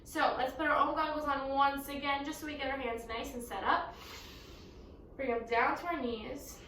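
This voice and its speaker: A young woman teaching a children's yoga class, giving gentle, encouraging instructions. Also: sits high, steady tone, moderate pace, slight background noise. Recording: echoey room, mic at a distance.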